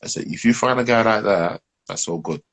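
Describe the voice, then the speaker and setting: A middle-aged man with a husky voice, rambling through relationship advice in casual chat and laughing at his own stories. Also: on the low side, brisk, fairly bright tone. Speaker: podcast co-host giving relationship advice.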